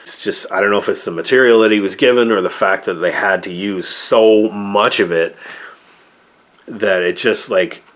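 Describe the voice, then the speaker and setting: A man's voice: lowish voice, normal speed, fairly bright tone. A man giving a rambling, sarcastic review of an old movie, often exasperated and full of fillers.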